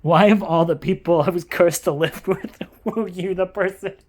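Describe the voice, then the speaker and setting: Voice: medium pitch, fairly even intonation, moderate pace, slight background noise, close to an everyday voice. A vlogger voicing their female pet cat as haughty and put-upon, complaining dramatically about who she ended up living with. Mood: exasperated.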